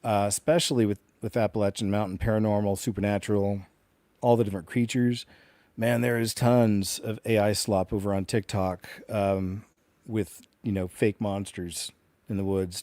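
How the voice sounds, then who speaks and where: A male host giving casual, rambling commentary that trails off quietly. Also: lowish voice, dry recording.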